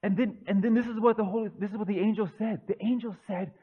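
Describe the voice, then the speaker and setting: A man preaching, acting out young Joseph as an excited young man who stammers and gushes into a phone call to his dad. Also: high voice, fast talker, slightly rough, pitched above the performer's own voice. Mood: eager. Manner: breathless, stammering, gushing. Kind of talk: dramatized monologue in a sermon.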